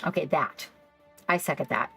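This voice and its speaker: A woman hosting a casual livestream, rambling excitedly and reacting to her chat. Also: sits low, normal speed, creaky, poor audio. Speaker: livestream host. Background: faint background music.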